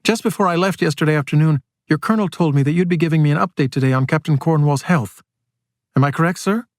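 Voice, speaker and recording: A man reading aloud and voicing a brisk woman federal agent who speaks fast, with clipped, sharply polite phrasing. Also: a little high, dry recording, studio quality, pitched above the performer's own voice, lightly acted. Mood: pointed.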